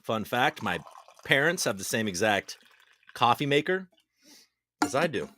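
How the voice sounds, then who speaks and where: A man hosting a casual livestream, reading out viewer comments and chatting loosely with shout-outs. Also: mid-range voice, big pitch swings, unhurried. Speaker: livestream host. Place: home basement.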